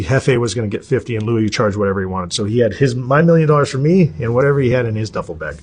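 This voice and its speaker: A middle-aged man with a husky voice, telling his story as an interview guest in an animated, profane, casual way. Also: mid-range voice.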